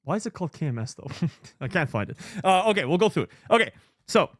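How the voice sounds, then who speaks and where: A male streamer with a lively, rising and falling voice and a slightly higher pitch, chatting to his viewers. He mutters to himself, backtracks and swears offhandedly. The sound is close and dry, with no room behind it. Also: fast, dry recording. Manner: scattered, muttering, swears freely. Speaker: streamer host. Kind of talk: casual live-stream chat.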